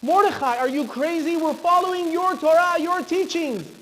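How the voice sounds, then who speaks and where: A man's voice: extremely high pitch, big pitch swings, measured pace, darkish tone, heavily acted. A man voicing a crowd of frightened, pleading ancient townsfolk in a sermon story. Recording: reverberant hall, faint background noise.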